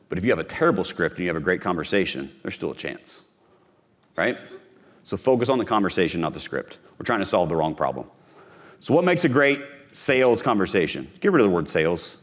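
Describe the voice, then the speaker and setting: A man with a lowish voice delivers a live conference speech on sales. He talks in short, punchy lines, hammers his key phrases again and again, and addresses the crowd directly. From Missouri, USA. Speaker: podcast host giving a sales talk.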